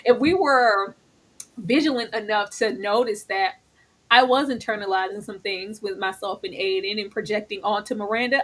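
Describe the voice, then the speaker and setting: A woman co-hosting a live, casual TV episode recap, talking animatedly and jumping into high voices when she quotes characters. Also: steady tone, normal speed. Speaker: co-host reviewing a TV episode.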